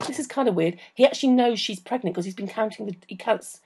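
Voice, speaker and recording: A woman's voice: medium pitch, fast talker, darkish tone. A woman recapping a TV episode in casual chat, rambling and tired late at night. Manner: rambling, self-interrupting storyteller. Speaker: podcast co-host.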